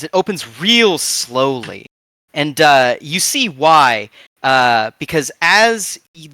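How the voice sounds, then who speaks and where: A man narrating as game master in a relaxed, filler-heavy way, with lots of "uh" and "like". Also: medium pitch, no echo.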